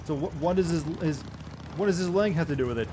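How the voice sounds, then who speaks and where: A man's voice: on the high side, fast, noisy background. A young man streaming a game, giving sarcastic commentary and mocking what happens on screen. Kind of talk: gameplay commentary.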